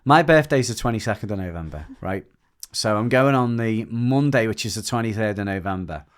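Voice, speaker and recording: A man from the UK, a dog trainer guesting on a podcast, telling a story in rambling, animated casual chat full of restarts. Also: lowish voice, fairly quick. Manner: rambling and animated, with frequent restarts and lively mimicry of others.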